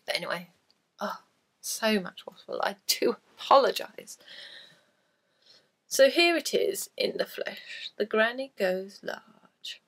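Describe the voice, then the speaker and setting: Speaking slowly with long pauses, a woman with a fairly high, slightly bright and animated voice hosts a crafting podcast. Her casual chat wanders and is self-deprecating, and a cough lingers from her cold.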